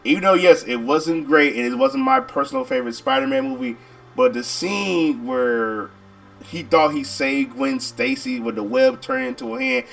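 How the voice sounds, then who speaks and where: Gravelly, lively-pitched man in casual chat. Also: faint music behind. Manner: halting, repeats words, lots of fillers. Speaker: movie reaction co-host. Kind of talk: casual movie recap chat.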